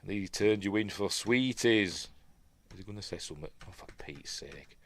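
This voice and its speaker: A man's voice: fairly low pitch, lively intonation, moderate pace. A man with a Yorkshire accent hosting a live film breakdown, chatting along and muttering asides under his breath. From Yorkshire, England. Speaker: film review host.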